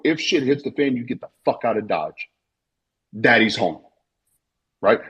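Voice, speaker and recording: A man's voice: medium pitch, husky. A man in his late thirties speaking on a live audio stream, telling a personal story bluntly, swearing and repeating himself. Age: 30s. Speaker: Twitter Spaces speaker. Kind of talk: emotional personal talk. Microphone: online voice call.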